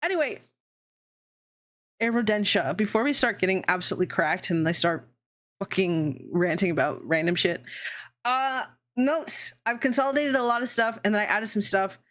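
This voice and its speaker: A woman streamer in casual live-stream chat, rambling, swearing and laughing often, her pitch jumping around. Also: lively intonation, normal speed, fairly bright tone.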